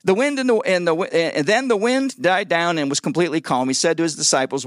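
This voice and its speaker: Guest preacher, male, high voice, dry close sound, jokey and lively, keeps getting call-and-response from the pews. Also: brisk, few pauses, no echo. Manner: lively and joking, calls on the congregation for responses; stumbles and repeats words when excited. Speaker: guest pastor. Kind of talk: sermon. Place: church service before a congregation.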